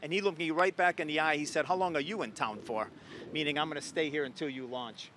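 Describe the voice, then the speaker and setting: A man's voice: fairly high pitch, quick pace, bright, forceful tone, a little hiss or hum. A man in his sixties from Ohio, an astronaut guest telling an anecdote with enthusiasm. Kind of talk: interview storytelling.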